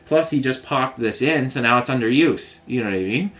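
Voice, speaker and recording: A man's voice: medium pitch, expressive, brisk, fairly bright tone. A man telling a rambling, frustrated story in a casual monologue, full of fillers like "you know what I mean". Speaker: vlogger recounting a customer complaint.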